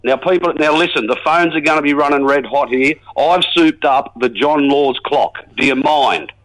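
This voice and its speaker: A man's voice: a little high, moderate pace, a bit bright, close to an everyday voice, low-quality recording. A man playing a folksy, matey rural bloke with an Australian accent, phoning in to a comedy radio sketch. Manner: rambling, folksy, jokey. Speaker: regular caller.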